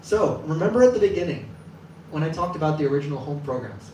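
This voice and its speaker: A man with a fairly high voice tells a sermon story to a gathered audience, in a casual and lively way, and briefly puts on the voices of the people in it. He sounds set back from the mic, and a roomy echo with faint ambience hangs around him. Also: fast talker, a little hiss or hum. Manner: lively, acts out quoted voices. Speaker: temple class speaker. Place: temple hall with live audience. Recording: echoey room from a distance, faint ambience.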